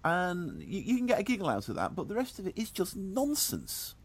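Sardonic New man, lively voice. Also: high-pitched, a little fast, slightly rough, no room sound. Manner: dry, sardonic, animated. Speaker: film and music reviewer. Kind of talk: casual radio chat.

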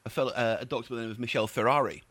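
A man's voice: mid-range voice, fairly even intonation, rapid-fire, a bit bright, dry recording. A man working as a film critic, giving a scathing, opinionated review in casual chat.

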